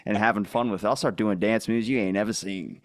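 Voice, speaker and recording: Guy talking fast on a podcast, lowish voice, dry close mic, lots of um and like. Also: fairly even intonation, no echo. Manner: rambling, quick storytelling with fillers and swearing. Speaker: podcast guest. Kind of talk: casual chat.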